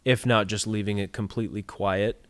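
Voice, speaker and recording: A man's voice: fairly low pitch, moderate pace, dry recording. A young man, a guest composer, chatting casually on a podcast and acting out lines and hummed music as he talks. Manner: animated, acts out lines and hums music.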